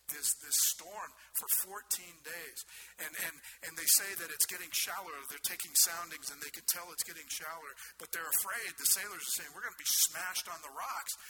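A man preaching a sermon, retelling a story with dramatic shifts between hushed whispers and loud emphasis. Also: a little high, noisy background.

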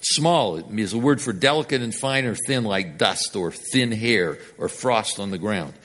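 A man preaching a sermon, telling the story with big swings from loud and emphatic to hushed. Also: lowish voice, lively intonation, measured pace.

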